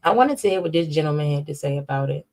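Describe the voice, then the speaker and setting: Woman host, low-pitched, sassy and animated gossip commentary. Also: quick pace. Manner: sassy and animated, reacting loudly.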